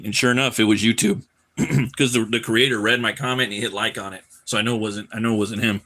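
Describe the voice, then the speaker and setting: A man with a lowish voice talks casually through a live drawing stream. He rambles freely, swears easily and stumbles over repeated words. The delivery is loose and unscripted. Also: fairly even intonation, fast, pushed and bright. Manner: loose, profane, rambling with frequent word repeats. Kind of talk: casual chat while drawing.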